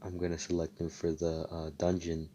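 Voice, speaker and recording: A man playing an older wizard king, calm and pondering, speaking quietly to himself. His voice is deep and dark. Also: normal speed, lo-fi sound, a little hiss or hum, lightly acted. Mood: musing.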